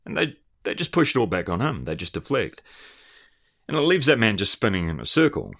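A man's voice: lowish voice, huge pitch swings, a little fast, gravelly, fairly bright tone. A man giving a rambling, earnest and emphatic commentary, often restarting his phrases. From Australia.

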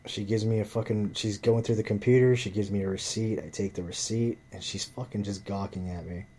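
A man with a fairly low, mellow voice tells a rambling story in a loose, casual way. He swears constantly and fills his sentences with "like" and "you know." It is relaxed, unscripted vlog talk. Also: a little fast, slightly rough. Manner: profane, rambling, lots of fillers.

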